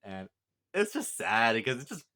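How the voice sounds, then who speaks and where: A man's voice: mid-range voice, very animated, moderate pace, pushed and bright. A man talking through a film's plot in a casual, rambling review, with lots of fillers and restarts and the odd chuckle. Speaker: movie reviewer. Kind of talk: casual spoken movie review.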